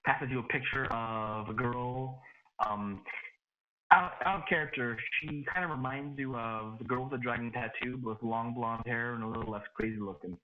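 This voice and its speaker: A man's voice: mid-range voice, normal speed. Laid-back man running a tabletop game, muffled lo-fi voice chat. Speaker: game master.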